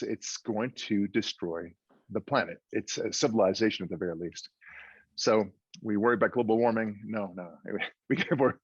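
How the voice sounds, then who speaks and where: A man with a fairly low, slightly breathy voice tells a joke while giving a speech as a guest speaker, conversational and story-like, restarting often. The recording is dry, dull and muffled.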